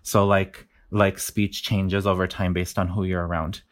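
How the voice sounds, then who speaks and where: A man's voice: sits low, flat delivery, a little slow. A man from the Mountain West explaining his research in a casual interview, with many fillers and restarts. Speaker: linguistics researcher guest.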